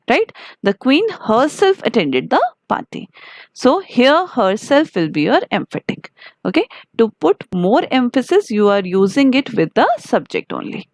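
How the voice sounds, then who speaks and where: A woman's voice: fairly high pitch, no room sound. A woman with an Indian English accent teaching an online grammar class, explaining step by step and often checking in with "okay" and "got it".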